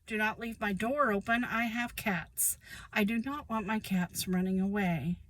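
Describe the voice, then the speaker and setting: A woman's voice: medium pitch, unhurried, a bit bright, low-quality recording. A woman, speaking in a casual, emphatic monologue about her own life and repeating phrases for weight. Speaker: vlogger sharing personal experience.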